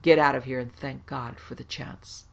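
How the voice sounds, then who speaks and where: A gruff old ghost of a headmaster , put on by a male narrator, roars and mocks in a storybook reading. His voice is gravelly and he sounds gleeful and murderous. The recording is dull and lo-fi. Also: medium pitch, fairly even intonation, moderate pace. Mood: roaring. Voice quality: gruff, roaring. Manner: mocking, triumphant.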